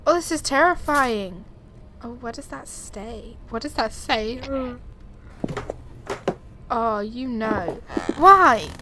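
A woman's voice: a little high, takes it slowly, pauses often. A young woman commenting on a horror game, talking to herself with jumpy, frightened exclamations into a desk microphone at home. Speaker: gaming YouTuber. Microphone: desk USB microphone. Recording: steady background noise.

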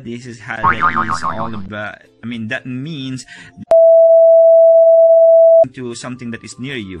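Bright-voiced man teaching step by step. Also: medium pitch. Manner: explains step by step, repeating each word slowly. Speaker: Arabic teacher. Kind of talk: casual video lesson.

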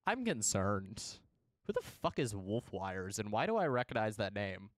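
A man's voice: fairly low pitch, very animated, normal speed, no room sound, studio quality. A young man streaming a game live, chatting casually and playfully with his viewers and greeting them in bursts.

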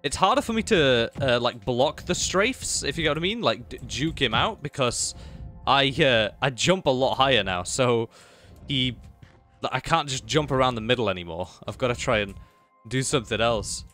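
Excitable man commentating gameplay. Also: moderate pace, soft background music. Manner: excitable, talks to enemies and pets, swings from low mutters to high exclamations. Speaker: gaming YouTuber.

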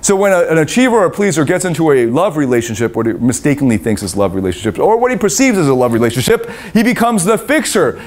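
A middle-aged man coaching on relationships in a live seminar, swearing freely and acting out the voices of babies and parents. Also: sits high.

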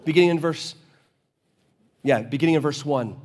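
A man preaching a sermon as pastor, casual and conversational, acting out both sides of dialogues and slowing down to read scripture. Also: fairly high pitch. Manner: slows down and drops quiet to read scripture.

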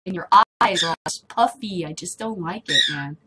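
A woman's voice: fairly low pitch, moderate pace, pushed and bright, a little hiss or hum, poor audio. A middle-aged woman hosting a casual video blog, rambling to the camera with frequent laughter. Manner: chatty, laughs often, drifts between topics. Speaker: vlog host.

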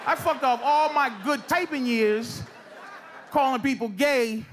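A man doing a stand-up comedy set on stage, ranting loudly with shouted bursts. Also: very high voice, measured pace. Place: comedy stage before a live audience. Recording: live show with loud crowd noise. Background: audience laughter.

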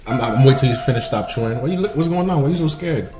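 Lively, teasing young dad vlogger. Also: male voice, mid-range voice, fast talker, faint music behind. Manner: playful teasing, talks while eating. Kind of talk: casual mukbang vlog chat.

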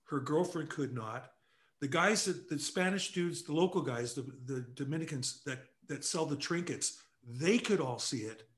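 An older man from Canada, a guest telling anecdotes casually, animated and quick to laugh. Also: on the high side. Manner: animated storyteller who acts out quotes, laughs often. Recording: echoey room.

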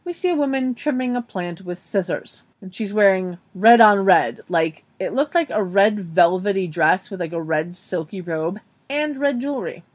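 A woman's voice: mid-range voice, moderate pace, hardly any pauses. A woman co-hosting a podcast, recapping a TV episode scene by scene in casual chat. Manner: animated, narrates episode scenes in detail. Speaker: podcast co-host.

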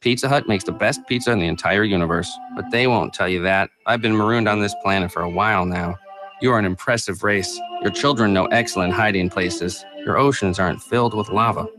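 Give me a man as a calm, deadpan alien stranded on Earth, low-pitched, over music. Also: brisk, natural voice. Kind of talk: scripted ad voice-over.

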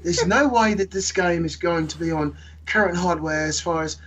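A man's voice: on the high side, normal speed, fairly bright tone, a little hiss or hum, rough recording. A man chatting on a podcast, jokingly hamming it up in a mock British accent. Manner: jokey, hammy, puts on a mock British accent. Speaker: podcast guest host. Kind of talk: casual podcast chat.

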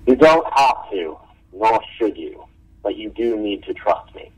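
A man playing a calm, commanding mastermind who speaks in measured, quiet tones. He sits a little back from the mic. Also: lowish voice, husky, no room sound, far from the mic, rough recording.

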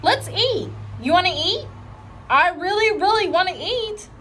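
A woman's voice: very high voice, lively intonation, pushed and bright, slight background noise, voice pushed up, exaggerated voice. A woman reading aloud, voicing an eager little girl who begs and drags out her words. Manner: eager, pleading, drawn-out words. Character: bossy, chatty little girl narrator-heroine.

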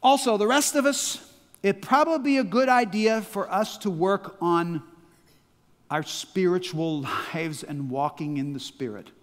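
High-voiced sixty-something pastor preaching in a hall. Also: male voice, measured pace. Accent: American Midwestern. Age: 60s. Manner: emphatic, leads the congregation in call-and-response. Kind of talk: sermon. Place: large church hall. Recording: long church-hall reverb.

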